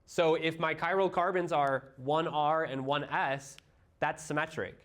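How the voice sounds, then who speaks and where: Reviewing chemistry with his students, a Midwestern American teacher works through concepts step by step, uses everyday analogies, and quizzes the class. He speaks unhurriedly in a steady, slightly high, fairly bright voice.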